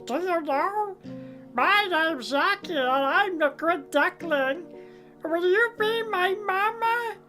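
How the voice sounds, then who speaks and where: A woman voicing a tiny baby duckling with a very high, squeaky voice and a slow, pleading way of talking. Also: lively intonation, sharp tone, soft background music, heavily acted. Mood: sweet.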